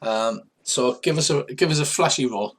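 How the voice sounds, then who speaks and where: A man's voice: medium pitch, moderate pace, husky. An older man from England narrating as game master of a tabletop game, in loose, rambling narration with restarts and sound effects.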